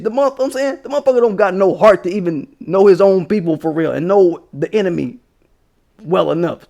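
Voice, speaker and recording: A man's voice: high-pitched, brisk, gravelly, darkish tone. A man from Maryland giving a profane, heated commentary rant on his vlog. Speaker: commentary vlogger. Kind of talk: ranting commentary.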